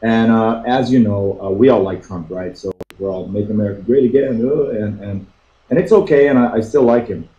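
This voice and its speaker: A man's voice: lowish voice, normal speed, dark tone. Hesitant male caller on a dull echoey line. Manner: hesitant, frustrated, many fillers. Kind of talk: casual call-in talk. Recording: dull, echoey call audio.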